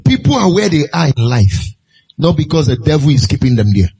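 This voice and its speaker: A man's voice: a little high, very animated, brisk, mellow, breathy edge, highs cut off. A man preaching a sermon, pressing his point with repeated rhetorical questions. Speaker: pastor.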